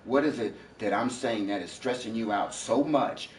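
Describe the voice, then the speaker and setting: In a heated domestic argument streamed live from his home, a man lectures confrontationally and profanely at length. His voice is on the low side at a normal speed, recorded from a distance. The indoor room echoes, with faint noise.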